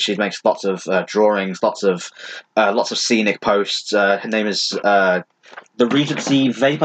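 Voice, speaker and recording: A man's voice: on the low side, a bit bright. Hesitant young male podcast guest. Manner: hesitant, many "uh" fillers, swears casually. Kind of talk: casual podcast chat.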